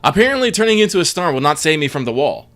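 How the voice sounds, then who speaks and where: A man's voice: fairly high pitch, big pitch swings, fast talker, fairly bright tone, soft background music. A man co-hosting a live stream while playing a game, reacting and commenting animatedly. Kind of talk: casual gaming stream chat.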